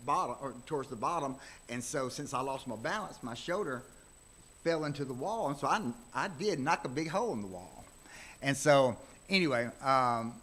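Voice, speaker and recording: A man's voice: on the high side, a bit bright. Folksy man teaching a church class. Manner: folksy, rambling storytelling with restarts. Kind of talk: casual church class talk with personal stories.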